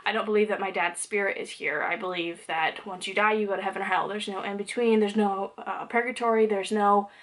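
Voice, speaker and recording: A woman's voice: medium pitch, fairly even intonation, brisk, few pauses, a bit bright. A young woman talking candidly to camera in a personal vlog, conversational and loose, with plenty of "like" and "um". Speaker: vlogger.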